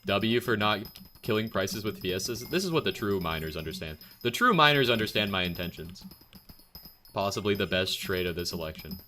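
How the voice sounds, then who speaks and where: A man's voice: on the low side, lively intonation, brisk, pushed and bright, faint music behind. A young man streaming a game, casually and bluntly answering viewer questions in a chatty way.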